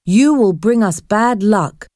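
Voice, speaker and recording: A woman voicing a sad, gentle female Viking ghost who quietly helps the captives. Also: medium pitch, expressive, slow, dry recording, clean studio sound.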